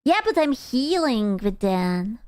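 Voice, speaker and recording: A woman with a high, smooth, clean voice chats with her live-stream audience at an unhurried pace. She swears freely and answers questions from chat, and she moves between griping and playful self-mockery. She sits close to a desktop streaming mic. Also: very animated, a little mellow, no echo. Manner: complaining and playfully self-mocking.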